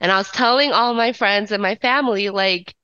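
Bright, chatty woman, slightly dull sound. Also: mid-range voice, a little fast, smooth, dry recording. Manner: chatty, self-mocking, laughs often. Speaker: podcast co-host. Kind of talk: casual chat. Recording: slightly dull, dry podcast audio.

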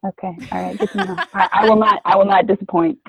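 A young adult woman, a former homeschooler, chatting casually as an interview guest with quick asides. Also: medium pitch, steady tone, gravelly, a loud crowd. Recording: tinny phone-like line.

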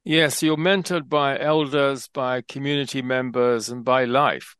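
A man's voice: mid-range voice, fairly even intonation, measured pace, fairly bright tone, smooth, no echo. A man hosting an interview, offering short agreeing remarks and questions to his guest. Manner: brief supportive interjections. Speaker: host. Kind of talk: interview conversation.

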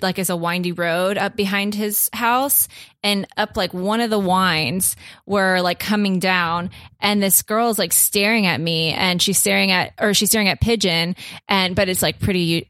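A young adult woman telling a long story as a podcast guest, chatty and full of "like" and "um", switching into a higher voice to act out what others said. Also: fairly bright tone, no echo, clean studio sound. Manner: chatty, heavy use of "like" and "um"; acts out others' lines in a raised voice. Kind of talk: casual storytelling.

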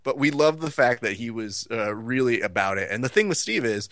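A man's voice: medium pitch, fairly quick, no echo, clean studio sound. A man co-hosting a podcast, telling a story in casual chat and acting out the people in it. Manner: animated, acts out the people in his stories. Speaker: podcast co-host.

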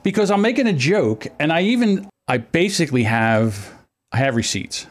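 The host of this casual podcast talks at normal speed in a voice on the high side. Chatting over an online call, he tells lively stories, acting out the things others said.

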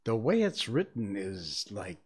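Animated male streamer reading aloud. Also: fairly low pitch, measured pace, breathy edge. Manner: chatty, laughing, animated. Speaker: livestream host and reader. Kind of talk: casual storybook reading on a livestream.

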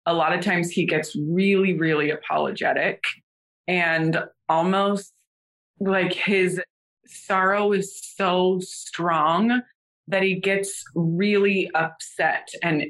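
Mother seeking advice, woman, slow unhurried speech, unsure. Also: on the low side, fairly bright tone. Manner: hesitant, laughs often. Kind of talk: casual conversation.

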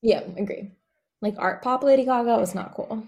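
A woman chatting casually with a friend, playful and quick to laugh. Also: a little high, a little mellow. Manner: playful, laughing often, rating people as cool or not. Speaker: co-host. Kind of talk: casual chat.

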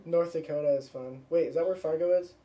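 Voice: medium pitch, fairly even intonation, quick pace, dark tone. A podcast host chatting casually with a guest, laid back and laughing easily, with lots of fillers. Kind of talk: casual chat. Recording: distant from the mic.

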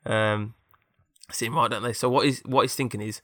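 A man's voice: medium pitch, fairly even intonation, normal speed, bright, forceful tone, no echo, studio quality. A man casually improvising a story, rambling with fillers and tag questions.

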